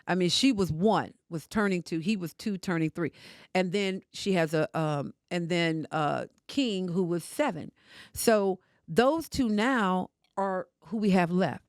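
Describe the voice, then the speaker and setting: A woman's voice: on the low side, a little slow, no room sound. Older woman, podcast guest, emphatic storyteller, dry studio sound. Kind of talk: emotional casual conversation.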